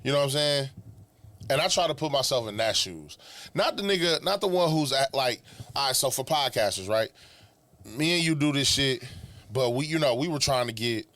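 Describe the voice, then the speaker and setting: Casting note: man, podcast co-host, loose profane riffing, middling pitch. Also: expressive, moderate pace, fairly bright tone, no room sound. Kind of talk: casual chat.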